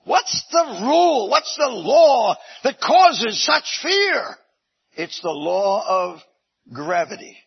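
A male preacher with a very high, husky voice tells a story in an animated way and often bursts into shouting. The recording is dull and lo-fi. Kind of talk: sermon.

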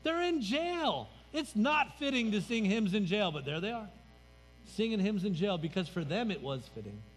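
With a high-set voice, big pitch swings, and normal speed, a man pastor gives a sermon in a church sanctuary. He is conversational and emphatic, letting phrases fall at their ends, while faint music plays in the reverberant hall.

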